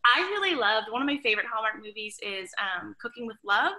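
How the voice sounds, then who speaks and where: A woman's voice: fairly high pitch, fairly quick, rough recording. A young adult woman, an author guest on a podcast, talking casually and animatedly with many "like"s and "um"s. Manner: chatty, animated, frequent "like" and "um".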